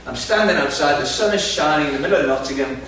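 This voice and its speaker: A man's voice: fairly high pitch, expressive, fast, fairly bright tone. Guy preaching with jokey self-mocking stories, far from the mic, noisy echoey hall. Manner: humorous, self-deprecating storytelling. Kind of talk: sermon with storytelling. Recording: echoey hall, distant mic, background noise.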